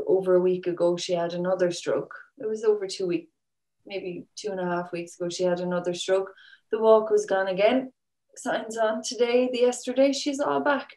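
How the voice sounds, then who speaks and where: A woman's voice: medium pitch, warm tone. A woman from Ireland, a musician guest, chatting casually and rambling through her stories. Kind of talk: casual chat. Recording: echoey room.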